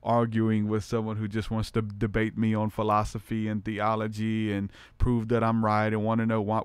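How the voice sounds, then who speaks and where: A man with a low, smooth, resonant voice talks through his ideas earnestly and reflectively, often stopping on fillers as he finds his words. He is recorded close and dry. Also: dry recording. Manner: earnest, thinks aloud with many fillers. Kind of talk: reflective conversation.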